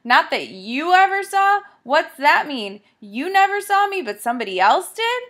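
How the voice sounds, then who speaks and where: A woman's voice: on the high side, sing-song, normal speed. A woman doing a hot-tempered proud boy. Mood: angry. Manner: shouting, challenging. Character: proud touchy boy, quick to anger.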